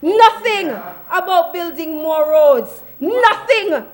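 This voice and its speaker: Woman, senator, combative parliamentary speech, high voice, repetitive jabs. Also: lively intonation, slow pace. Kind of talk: parliamentary budget debate speech. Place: parliament chamber.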